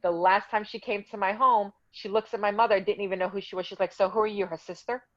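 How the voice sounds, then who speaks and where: A woman's voice: mid-range voice, steady tone, quick pace, no room sound, highs cut off. Indignant woman telling her story. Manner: heated, indignant retelling with quoted dialogue. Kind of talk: casual storytelling interview.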